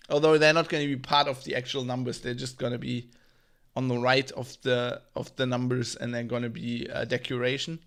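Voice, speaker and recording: A man's voice: mid-range voice, little pitch movement, brisk, creaky, a bit bright. Guy hosting a tech news stream, rambly, lots of "like" and "um", swears a bit. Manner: rambling, many fillers, swears and laughs. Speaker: tech news show host. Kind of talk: casual livestream chat.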